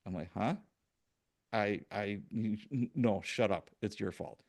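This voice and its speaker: A man in his sixties from Chicago, hosting a podcast and telling lively anecdotes with acted-out quotes. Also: on the low side, slow pace. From Chicago, USA. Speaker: podcast host. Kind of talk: casual storytelling interview.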